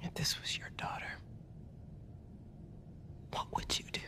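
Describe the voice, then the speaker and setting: An actress voicing a tough resistance leader in a video game who speaks in a challenging, urgent way. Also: female voice, measured pace, whispered, natural voice. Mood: confrontational. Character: tough resistance leader, morally torn woman. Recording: game audio with background noise.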